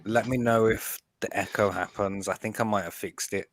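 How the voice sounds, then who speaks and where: A man's voice: lowish voice, steady tone, normal speed, no echo. A man hosting a casual group stream chat, making dry, offhand remarks. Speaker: stream host.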